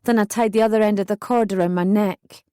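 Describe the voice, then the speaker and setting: A woman's voice: mid-range voice, steady tone, quick pace, warm tone, clear, resonant tone, dry recording, studio quality. A young woman narrating a true first-person memoir as an audiobook, intense and emotional in her retelling.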